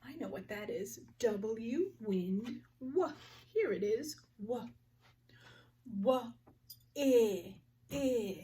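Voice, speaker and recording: A woman teaching a phonics lesson to young children, slowly sounding out each word with clear articulation. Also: on the high side, lively intonation, warm tone, recorded from a distance.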